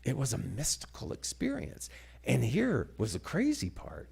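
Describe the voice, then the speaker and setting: A man telling a story as a sermon, dramatic and animated, dropping to hushed asides. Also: medium pitch, moderate pace, creaky, breathy edge. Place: church sanctuary.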